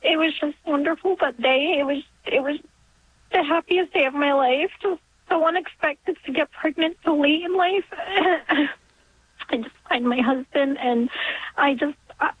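A woman's voice: high voice, a little hiss or hum. Emotional woman calling in on a thin phone line. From New York. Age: 40s. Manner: halting, with nervous laughs and restarts. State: emotional, near tears. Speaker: caller.

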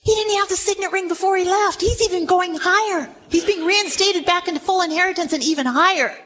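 A woman preaching a sermon to a room, retelling a story with animated delivery and acted-out quotes. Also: extremely high pitch, a little fast.

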